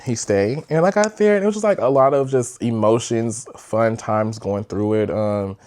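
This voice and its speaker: A young man hosting a podcast, telling a personal story in a chatty, animated way with lots of fillers. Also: mid-range voice, moderate pace. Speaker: podcast host. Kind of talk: casual storytime.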